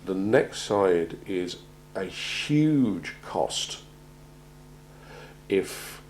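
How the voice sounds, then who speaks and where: Low-voiced man giving a measured talk. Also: lively intonation, slight background noise, poor audio. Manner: measured, halting, repeats words while finding them. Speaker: presenter on organisational crisis planning. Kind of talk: prepared talk to an audience.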